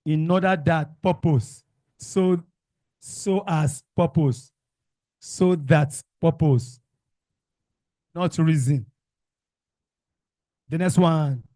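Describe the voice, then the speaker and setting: A man's voice: fairly high pitch, drawn-out words, pauses often, dark tone, no echo, clean studio sound. A man teaching a revision class, calling out questions and repeating the answers in call-and-response drills.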